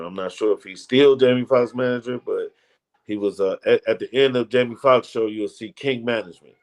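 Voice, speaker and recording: Brief: male comedian, lower voice, loose slangy storyteller. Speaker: comedian guest. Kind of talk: casual storytelling interview.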